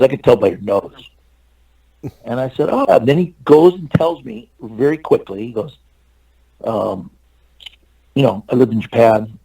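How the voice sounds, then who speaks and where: A man in his sixties from California, USA, speaks in a lowish, dark, slightly rough voice as an interview guest. He tells a long anecdote, acting out the dialogue with many fillers and restarts. The recording is low quality with no room sound.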